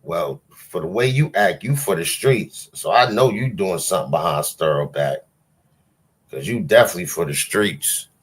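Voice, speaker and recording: A man's voice: low-pitched, lively intonation, moderate pace, slightly rough. A man hosting a livestream, giving casual, dismissive commentary. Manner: dismissive, mocking, loose. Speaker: livestream host.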